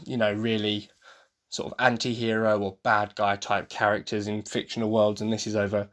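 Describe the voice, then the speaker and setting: English man, podcast host, tired, rambling, enthusiastic, slightly low voice. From England. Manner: enthusiastic, rambling fanboy gushing. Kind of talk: casual solo podcast review.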